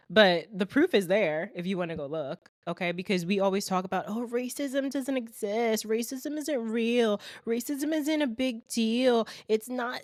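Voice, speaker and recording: A young adult woman hosting a podcast alone, ranting in a blunt, animated and exasperated way, a little congested from a cold. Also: lowish voice, dry recording, studio quality. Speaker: podcast host. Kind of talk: solo ranting podcast monologue.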